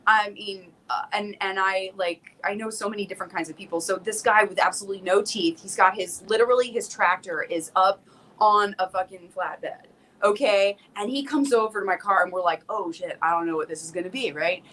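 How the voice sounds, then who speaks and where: A woman's voice: medium pitch, normal speed. A young woman from South Florida, a guest singer-songwriter, chatting casually with lots of likes and restarts. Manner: animated storyteller, many likes and restarts. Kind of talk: casual chat.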